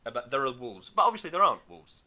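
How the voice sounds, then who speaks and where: A man's voice: mid-range voice, big pitch swings, quick pace, pushed and bright. A man co-hosting a podcast, chatting casually about a film in a rambling, hesitant way with many fillers. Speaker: podcast co-host.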